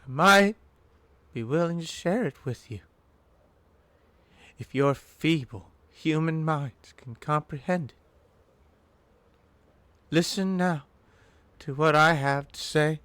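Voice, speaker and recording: A man's voice: a little high, a bit bright, no echo. A man putting on a lofty arcane seer. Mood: grandiose. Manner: slow, theatrical, lofty. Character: grandiose male arcane seer, condescending. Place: home, streaming.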